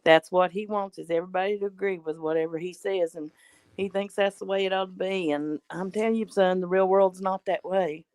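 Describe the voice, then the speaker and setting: A woman calls in to a talk show and chats casually. She rambles and tacks loose fillers onto the ends of her sentences. Her voice sits low for a woman, and the sound is dry. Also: fairly even intonation, a little fast, darkish tone, no echo. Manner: rambling, trails off with "kind of thing and stuff". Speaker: regular caller. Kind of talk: casual chat.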